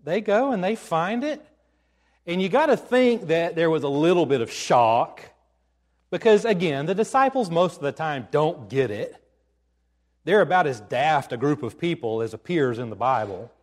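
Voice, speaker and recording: Animated male preacher acting out stories. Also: on the high side, normal speed. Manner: animated storytelling, acting out quoted lines. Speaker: pastor. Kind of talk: sermon.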